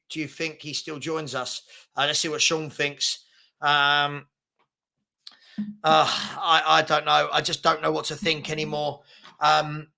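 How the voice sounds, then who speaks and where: Excitable high-voiced man with a gravelly edge. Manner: chatty, excitable, many fillers. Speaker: livestream host reading chat. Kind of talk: casual live stream chat.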